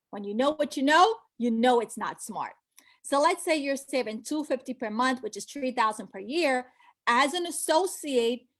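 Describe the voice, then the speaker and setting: A middle-aged woman, born outside the US, recruiting for a financial business in an emphatic motivational pitch, repeating key phrases and asking rhetorical questions.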